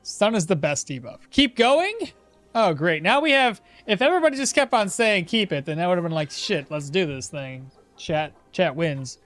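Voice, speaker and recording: A man's voice: a little high, a bit bright. A man streaming a game, chatting with his viewers, thinking aloud and laughing often. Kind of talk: casual live-stream commentary.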